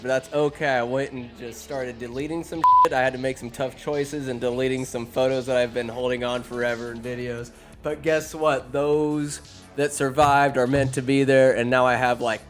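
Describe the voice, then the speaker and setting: A man hosting a podcast, recapping a film in an animated, joking way, swearing and doing goofy character voices. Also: mid-range voice. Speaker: podcast host. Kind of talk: comedic movie recap. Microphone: phone.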